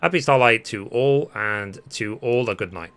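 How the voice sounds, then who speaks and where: A man's voice: medium pitch, normal speed, fairly bright tone, clean tone, lightly acted. A man voicing a solemn male holiday saint who lectures in grand, preachy phrasing.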